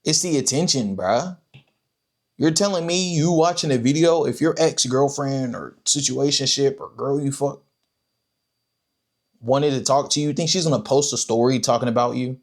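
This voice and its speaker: A man's voice: medium pitch, normal speed. A man streaming a casual reaction to video clips, blunt, profane and joking.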